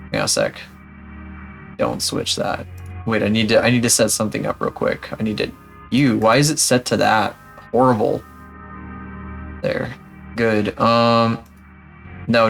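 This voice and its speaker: A man's voice: mid-range voice, vocal fry, fairly bright tone. A young man live-streaming, chatting casually in a rambling, profane, self-mocking way.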